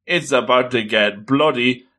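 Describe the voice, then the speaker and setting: A man recapping an episode in a casual, excitable way, exclaiming often. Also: medium pitch, measured pace. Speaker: anime recap host.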